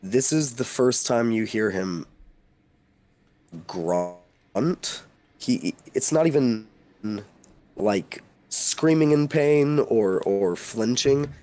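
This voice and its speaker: A man narrating as game master, describing scenes in a halting way with many fillers. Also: mid-range voice, expressive, warm tone.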